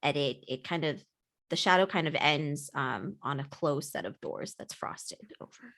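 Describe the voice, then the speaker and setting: A woman narrating as game master for a tabletop game, describing the scene and trailing off softly. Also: low voice, moderate pace.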